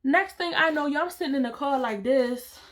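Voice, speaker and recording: A woman's voice: high-pitched, brisk. A woman, dramatically telling a storytime vlog and talking straight to her viewers with slang. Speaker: storytime vlogger.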